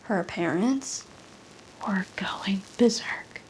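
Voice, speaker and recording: A young woman doing solo stand-up comedy at home, telling a story in an animated way that jumps to high shrieks when she acts out scenes. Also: drawn-out words, whispered. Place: apartment.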